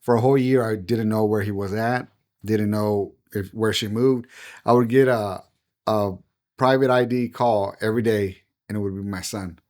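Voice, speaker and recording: A man's voice: on the low side, fairly even intonation, normal speed, a little mellow. A middle-aged man, a pastor, telling his personal testimony as a podcast guest in an earnest, heartfelt way.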